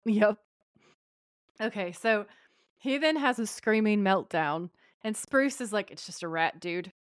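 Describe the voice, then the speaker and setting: A woman's voice: mid-range voice, measured pace, dry recording, clean studio sound. A woman co-hosting a podcast, recapping an episode in casual chat and acting out characters' lines. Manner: animated, quoting characters in voices. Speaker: podcast co-host.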